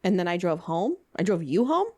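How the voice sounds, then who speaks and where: A woman's voice: fairly low pitch, sing-song, fairly quick, a little mellow. A young adult woman co-hosting a podcast in casual chat, blunt and teasing with a dry wit. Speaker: podcast co-host.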